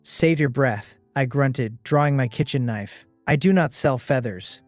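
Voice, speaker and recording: A man's voice: medium pitch, unhurried, dry recording, faint music behind, close to an everyday voice. Man voicing a snarling winged warrior woman. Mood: hostile snarl. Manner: snarling, hissing, hostile. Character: fierce wounded winged young woman warrior.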